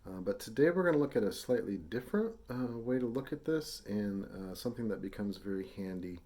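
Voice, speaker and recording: Patient man teaching brass, mellow voice. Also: on the low side, lively intonation, a little fast. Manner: patient, demonstrates syllables aloud; casual with frequent fillers. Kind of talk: instructional lesson.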